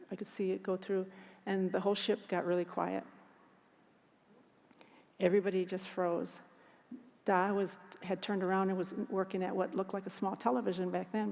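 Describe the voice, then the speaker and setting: A woman speaking at a conference. She tells a personal story in an earnest, halting way with frequent restarts. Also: mid-range voice, vocal fry, a little mellow. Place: conference hall. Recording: long hall reverb.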